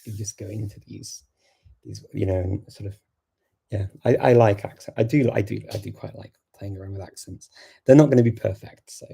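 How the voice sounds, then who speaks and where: A man's voice: lowish voice, steady tone, a little fast, gravelly, dark tone, slightly rough. A British man hosting a casual livestream Q&A, chatty, laughing often, full of fillers. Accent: British English. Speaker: host of a language livestream.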